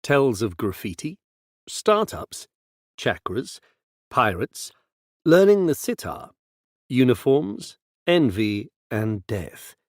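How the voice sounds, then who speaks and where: A man narrating an audiobook in slow, expressive storytelling. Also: mid-range voice, no echo, studio quality. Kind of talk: scripted narration.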